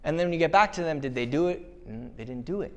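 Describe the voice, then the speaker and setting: High-ish voiced guy doing a live motivational keynote, punchy, hypes up the room with quick questions. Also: highs cut off. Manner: punchy, energetic, asks the crowd rhetorical questions. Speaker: motivational speaker. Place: live event venue.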